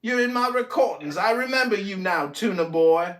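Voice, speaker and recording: A man in his forties argues on his own livestream, mocking and taunting with profane, shouted jabs. His voice sits high and leaps about in pitch. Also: animated, moderate pace. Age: 40s. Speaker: livestream host. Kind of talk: heated livestream argument.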